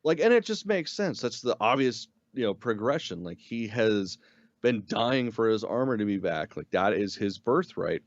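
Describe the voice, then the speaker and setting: Low-voiced guy reviewing an episode, pitch jumps all over, dry muffled mic. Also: normal speed, no echo. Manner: animated, swears freely, acts out character lines. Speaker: podcast co-host. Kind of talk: casual review chat.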